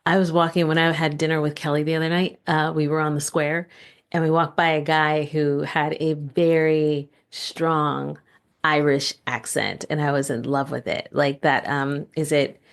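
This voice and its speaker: A woman with a very low voice and a gravelly edge hosts a podcast as a relaxed conversation with her son. She draws him out with open questions, nudges him on with steady affirming murmurs, and sounds supportive throughout. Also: moderate pace. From United States. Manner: encouraging, asks open questions, many affirming "mm-hmm"s. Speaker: podcast host and mother.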